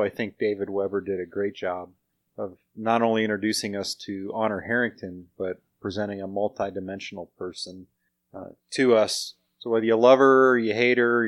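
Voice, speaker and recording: A man's voice: on the low side, no echo. A man co-hosting a casual book discussion, enthusiastic with fillers. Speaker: podcast co-host.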